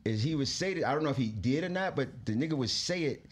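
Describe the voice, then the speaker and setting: A man co-hosting a podcast, joking and telling animated stories in casual chat. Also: mid-range voice, quick pace, breathy edge. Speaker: podcast co-host, singer.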